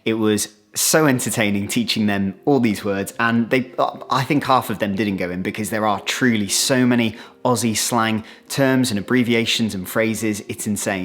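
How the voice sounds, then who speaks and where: A British man in a casual explainer vlog, chatty and animated, acting out little quoted exchanges as he talks. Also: lowish voice. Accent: British English. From Britain. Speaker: vlogger. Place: outdoors, then moving inside.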